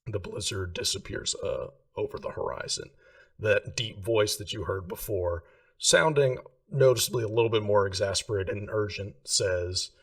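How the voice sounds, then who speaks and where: A low-voiced man narrates as game master of a tabletop game. His delivery is loose and casual, full of fillers, and his voice sounds set back from the mic. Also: moderate pace, fairly bright tone, distant mic.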